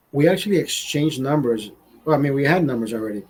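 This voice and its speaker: Husky-voiced man telling a profane story. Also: mid-range voice, fast talker. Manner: profane, rambling, animated storytelling. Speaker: livestream host. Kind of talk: casual storytelling.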